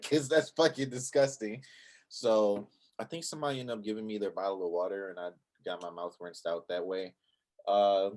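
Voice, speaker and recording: A young man with a fairly low voice recounts a mishap in relaxed, casual chat. He swears freely and slips into quoted thoughts as he goes. He co-hosts the channel. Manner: laid-back, profane, recounts with quoted inner thoughts. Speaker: channel co-host.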